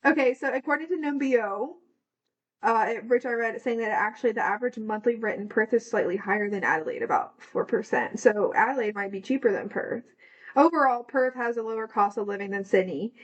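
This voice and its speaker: A woman's voice: a little high, muffled recording. Chatty, swearing woman on a podcast. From United States. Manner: chatty, swears freely, reads figures out. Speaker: podcast co-host. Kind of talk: casual chat, reading facts aloud.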